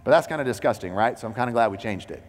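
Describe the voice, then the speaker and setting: A man's voice: lowish voice, lively intonation, racing, big-room sound. A man preaching a sermon as a pastor. He talks in a loose, conversational way, full of "like" and "you know".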